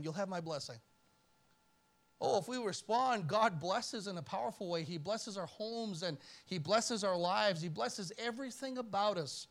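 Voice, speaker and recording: High-voiced male pastor preaching dramatically. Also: animated, unhurried. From Canada. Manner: preaching with dramatic shifts between loud emphasis and near-whispered pleading. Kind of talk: sermon. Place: church.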